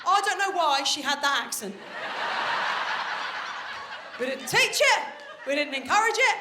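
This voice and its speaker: A high-pitched woman in her thirties, doing stand-up on a stage with a handheld mic. Her chatty, confiding delivery carries into a roomy venue, with audience noise clearly behind her. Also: big pitch swings, a little slow, long pauses. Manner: chatty, confiding, swears casually. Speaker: stand-up comedian. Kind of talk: live stand-up routine.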